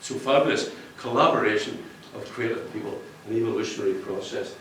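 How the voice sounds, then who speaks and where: The book cover artist speaks at the launch to an audience in an echoey function room, picked up on a distant mic with a little hiss or hum. His voice is on the low side, a bit bright and fairly quick, and he rambles, jokes, and laughs at his own jokes.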